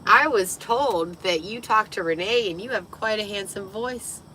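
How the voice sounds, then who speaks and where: A tipsy woman livestreaming from a parked vehicle, giggling, swearing freely and getting excitable, her voice partly lost. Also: medium pitch, normal speed, a little hiss or hum, rough recording. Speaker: livestream host. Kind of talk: tipsy casual livestream chat.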